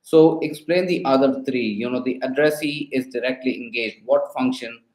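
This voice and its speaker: A man's voice: medium pitch, moderate pace, darkish tone, roomy sound, rough recording. A man quizzing a voice assistant on linguistics, hesitant, with many fillers and restarts. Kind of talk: spoken questions to a voice assistant.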